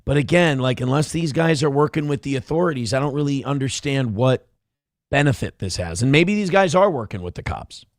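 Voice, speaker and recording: A man's voice: mid-range voice, expressive, a little fast, dry recording, studio quality. A man hosting a show, giving blunt, profane, sarcastic commentary over a video clip. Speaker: show host.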